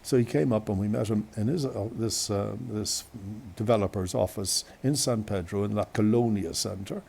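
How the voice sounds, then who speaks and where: Gravelly Irish man telling a rambling story. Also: lowish voice, normal speed, darkish tone. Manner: chatty, digressive, many restarts and asides. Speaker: radio host. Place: outdoors on a windy day. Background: wind.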